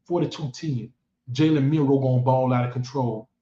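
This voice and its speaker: A man's voice: medium pitch, steady tone, normal speed, dark tone. A man giving boastful, taunting football commentary as a fan vlogger. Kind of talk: trash-talking football commentary. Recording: echoey room, dull lo-fi sound.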